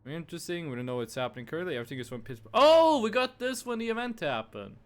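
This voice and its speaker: A man's voice: fairly high pitch, sing-song, very fast, clear, resonant tone. A young man streaming a game, chatting playfully with his chat and teasing them while he plays.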